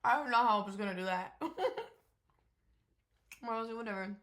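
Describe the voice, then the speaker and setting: A young woman shares a loose, unscripted vlog update in a voice of ordinary middle pitch. She talks candidly and meanders, filling gaps with "um" and "like" and letting a swear word slip now and then. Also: fairly even intonation, brisk, a bit bright. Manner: candid, rambling, frequent fillers and swearing. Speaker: vlogger.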